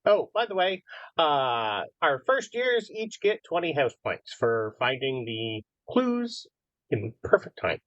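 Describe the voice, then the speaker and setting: A man doing a tiny stern old wizard professor, booming. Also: sing-song, takes it slowly, a bit bright, no echo, muffled recording, heavily acted. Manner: booming commands.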